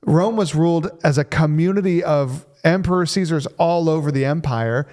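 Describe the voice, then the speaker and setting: A man's voice: on the high side, normal speed. A man co-hosting a church podcast, talking casually about the Bible in a playful, joking way. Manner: playful, jokey, animated. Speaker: pastor and podcast co-host. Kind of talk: casual Bible study chat.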